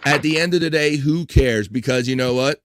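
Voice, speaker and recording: A man's voice: medium pitch, a little fast, heavy background noise. Rambling jokey man hosting a live stream. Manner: rambling, jokey, talks to chat by name. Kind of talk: casual chat.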